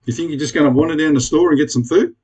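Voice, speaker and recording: A man's voice: on the high side, rapid-fire, darkish tone, husky. An Australian man ranting bluntly to camera in a casual vlog, swearing freely and pleading with his viewers. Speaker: prepper vlogger.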